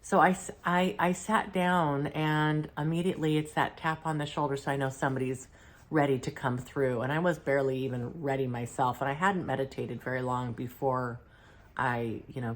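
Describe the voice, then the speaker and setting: A middle-aged woman, unwell, calmly recounting a spiritual channeling session in a halting, reflective way, clearing her throat now and then. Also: sits low. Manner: halting and reflective, with many fillers and restarts. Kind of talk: casual first-person account.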